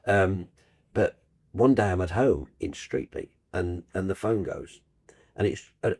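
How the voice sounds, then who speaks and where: An older man, a broadcaster guest telling stories in casual chat with animated, restarting sentences. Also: deep voice, measured pace, breathy edge, dry recording, studio quality. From Birmingham, England. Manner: warm anecdotal, animated, trailing restarts.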